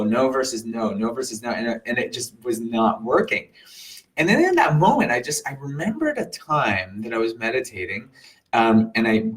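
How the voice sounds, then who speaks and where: A man telling an earnest personal story in a casual way, animated and full of sound-effect words, sometimes dropping to a soft near-whisper. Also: mid-range voice, low-quality recording. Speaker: meditation teacher.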